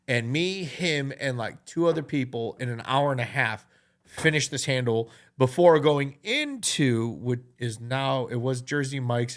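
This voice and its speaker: A man in his thirties from the Chicago suburbs, a podcast host, telling a rambling, profane story and laughing through it. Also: medium pitch. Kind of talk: casual storytelling.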